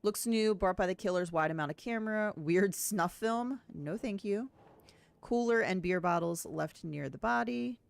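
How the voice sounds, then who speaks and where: A woman's voice: medium pitch, normal speed, gravelly, clear, resonant tone, dry recording. A woman streaming a game playthrough, chatting casually, thinking aloud and reading on-screen text. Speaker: gameplay streamer. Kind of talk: casual let's-play commentary.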